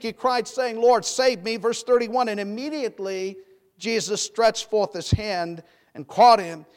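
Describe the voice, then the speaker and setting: A man preaching a sermon, fervent and rising to emphatic peaks when he quotes scripture. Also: sits high.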